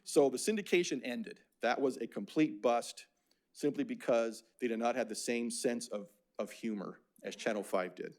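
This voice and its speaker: A man's voice: mid-range voice, normal speed, a little mellow. An older man from Phoenix giving a casual, anecdotal lecture about slides, with many fillers and restarts. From Phoenix, Arizona.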